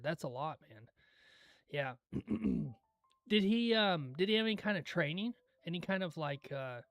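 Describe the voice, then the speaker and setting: Relaxed high-voiced man chatting on a stream. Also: no echo. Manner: laid-back, drifts into storytelling, clears throat often. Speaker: livestream host. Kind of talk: casual chat.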